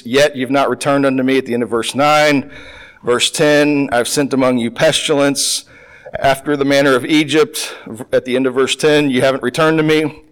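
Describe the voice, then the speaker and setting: A man's voice: medium pitch, rough recording. A man teaching through a Bible passage verse by verse, reading the old text aloud and then explaining it in everyday words, often restarting his sentences. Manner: conversational, with frequent restarts and filler; reads scripture aloud and then explains it plainly.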